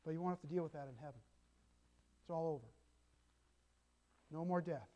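A man's voice: fairly high pitch, very fast, mellow. An older man, a grandfather, preaching a sermon as pastor and telling homely stories with asides to the congregation. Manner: folksy storytelling with congregation asides.

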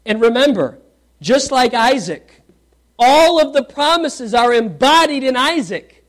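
A very high-pitched man preaches at a measured pace, reading scripture aloud and questioning the congregation. His delivery swings from loud, animated questions to soft emphasis.

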